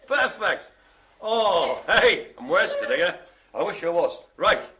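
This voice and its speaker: A man's voice: a little high, very animated, slow, noisy background. A man hosting a live online bingo game, chatty and jokey, full of puns and asides. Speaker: bingo host.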